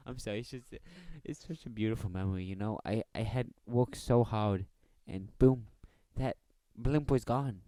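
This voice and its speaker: A man's voice: on the low side, normal speed, few pauses, dark tone, no echo. A young man co-hosting a casual podcast, joking in a mock-sentimental way. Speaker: podcast co-host. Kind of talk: casual chat.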